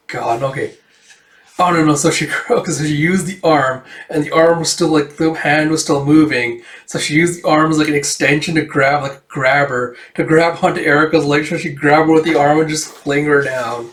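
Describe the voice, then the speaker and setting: A man's voice: on the high side, steady tone, moderate pace, fairly bright tone. A man in a casual, rambling read-through of a comic, retelling the panels with many fillers. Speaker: comic reviewer. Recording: roomy echo, distant mic.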